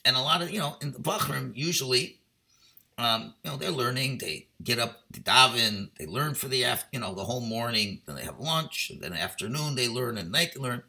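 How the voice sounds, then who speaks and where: Passionate rabbi with a bright voice. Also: male voice, mid-range voice, lively intonation, a little fast, gravelly. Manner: passionate, swings from loud exhortation to quiet storytelling; uses Yiddish and Hebrew words. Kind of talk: Torah talk.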